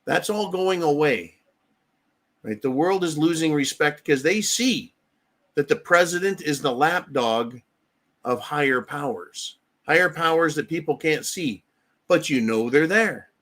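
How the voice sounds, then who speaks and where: An American man hosts a live talk stream, with a voice pitched a little above the usual male range. He talks bluntly, swears freely and keeps checking in with "right?". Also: measured pace, fairly bright tone. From United States. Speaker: livestream host. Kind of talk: casual political commentary.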